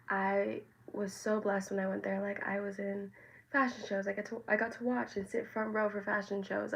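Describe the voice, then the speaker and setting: A US woman in her twenties vlogs casually to her viewers, rambling with heavy fillers, tangents, and restarts. Her medium-pitched voice is creaky, and the rough recording carries a slight hiss or hum.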